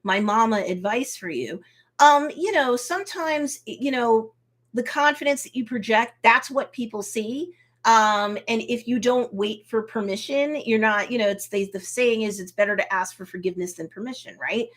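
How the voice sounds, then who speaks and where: A woman hosting a casual live review of a TV episode, recapping scenes in a lively way, acting out the characters' reactions, and slipping into motherly advice. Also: a little high, normal speed. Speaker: host and TV reviewer.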